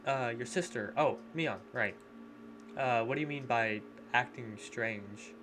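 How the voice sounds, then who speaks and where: A man reading a visual novel aloud in a plain, measured way, voicing a cautious teenage boy and his narration. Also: medium pitch, noisy background, close to an everyday voice. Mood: wary.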